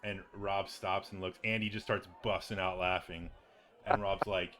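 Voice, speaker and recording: Low-voiced man running a tabletop game. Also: level tone, noisy background. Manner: casual, halting, many fillers. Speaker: game master.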